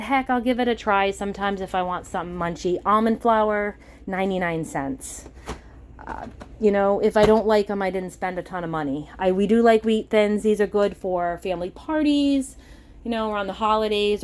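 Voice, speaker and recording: A middle-aged vlogger with a Massachusetts accent and a medium-pitched voice chats casually about her grocery haul. She gets excited about the bargains she found.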